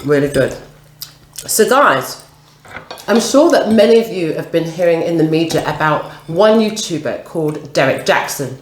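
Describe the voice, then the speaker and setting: A woman's voice: sits low, lively intonation, moderate pace. A woman hosting an eating vlog, chatting casually and leading the talk with questions. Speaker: vlog host. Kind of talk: casual chat while eating. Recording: roomy echo, faint noise.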